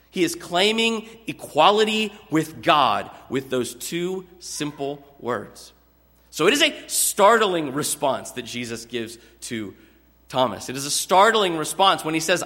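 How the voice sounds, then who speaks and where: Bright high-voiced man preaching in a hall. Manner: earnest expository preaching, drawn-out emphatic words. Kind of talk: sermon. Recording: long hall reverb.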